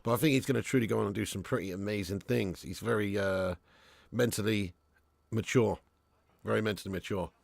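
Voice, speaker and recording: A man's voice: fairly low pitch, brisk, gravelly, no echo. A man hosting a live watch-along stream, chatting casually with viewers, reading out their comments, swearing and laughing often.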